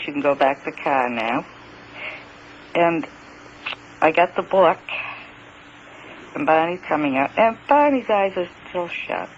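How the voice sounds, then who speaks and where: Halting high-voiced man on a dull lo-fi tape. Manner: hesitant, halting, repeats words, grows emphatic. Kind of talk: first-person recounting of an encounter. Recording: dull lo-fi recording with faint hiss.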